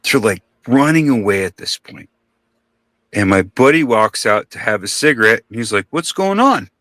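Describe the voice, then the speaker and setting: A man's voice: on the low side, moderate pace, a bit bright, no echo. A man telling a long story in casual podcast talk, rambling and profane, acting out the voices of the people in it.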